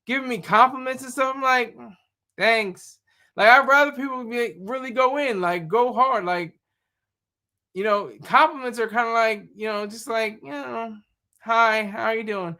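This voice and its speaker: A man's voice: very high-pitched, moderate pace, pushed and bright. A man streaming live, chatting casually and rambling, often repeating words as he reacts to chat. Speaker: YouTube streamer.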